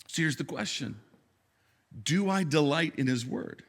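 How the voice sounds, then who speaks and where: A pastor in his thirties preaches a sermon in a higher voice for a man. He talks conversationally, stumbles into quick restarts, and slips into the voices of the people he quotes. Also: lively intonation.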